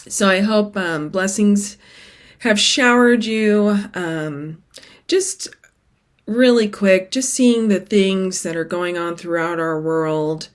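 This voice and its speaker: A woman's voice: mid-range voice, slow pace. A middle-aged woman hosting her cross-stitch vlog in casual, rambling chat that keeps drifting off topic. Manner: rambling, chatty, sidetracked.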